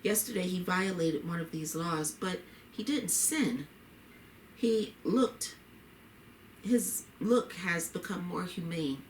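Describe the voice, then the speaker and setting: A woman reading the lines of a talkative, fussy male neighbor in a story, in a rambling, lively way. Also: lowish voice, takes it slowly, a little hiss or hum. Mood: chatty. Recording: roomy echo.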